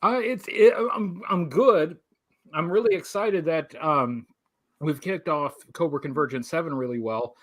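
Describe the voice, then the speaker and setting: A man speaking as a guest on a casual livestream chat, halting and self-deprecating. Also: fairly high pitch. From United States.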